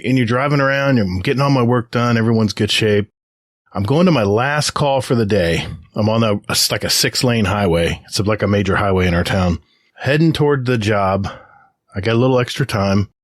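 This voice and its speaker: A middle-aged American man co-hosting a podcast tells an animated story in casual conversation, acting out the voices of the people in it. His voice is on the low side, captured on a podcast mic with clean studio sound and no echo.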